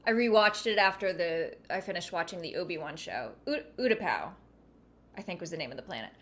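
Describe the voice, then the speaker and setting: A woman's voice: on the low side, fast talker, a bit bright. A woman reading a children's book aloud and breaking off for wry, chatty asides. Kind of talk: casual reading with commentary.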